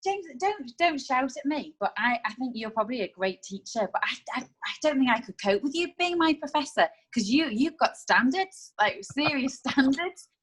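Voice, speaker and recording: Female podcast co-host, slightly high voice, teasing and conversational. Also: lively intonation, moderate pace, few pauses, a bit bright, slightly rough. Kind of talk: casual chat.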